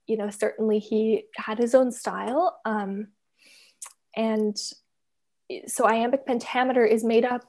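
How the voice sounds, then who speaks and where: A young woman from Canada with a slightly high voice, talking casually over a video call. She explains things carefully and hesitantly, leaning on lots of filler words. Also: darkish tone. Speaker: co-author and reader. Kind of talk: casual conversation.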